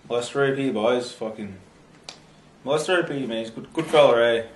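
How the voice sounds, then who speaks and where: A man's voice: medium pitch, a little fast, slight background noise, natural voice. A man with a Newfoundland accent playing a rowdy, beer-drinking buddy, bragging loosely in a mockumentary interview. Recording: roomy echo.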